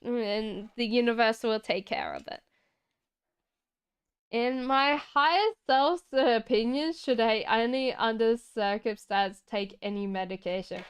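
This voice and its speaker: A woman's voice: a little high, a little slow, smooth, muffled recording. A woman doing a casual tarot reading on a live stream, chatty and reassuring, answering viewers from the chat and laughing often. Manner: talks straight to viewers in chat. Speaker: tarot reader.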